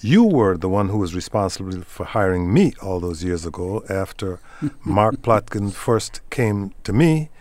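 A man's voice: low voice, big pitch swings, measured pace, darkish tone, no echo. A man hosting a radio talk show, asking questions with a curious tone and chuckling between remarks. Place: radio studio.

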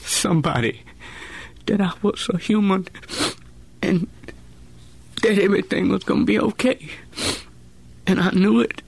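A man's voice: fairly high pitch, creaky. A man telling his own life story as a former prisoner, in plain-spoken, colloquial speech that is earnest and emotional. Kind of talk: personal testimony storytelling.

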